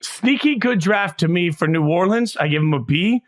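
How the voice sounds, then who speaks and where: A man's voice: high voice, animated, moderate pace. This is a man co-hosting a loose sports podcast. His voice sits a little above the usual male range, and he delivers verdicts bluntly, often answering his own questions. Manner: blunt, emphatic opinions with rhetorical questions. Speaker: podcast co-host. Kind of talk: casual sports podcast chat.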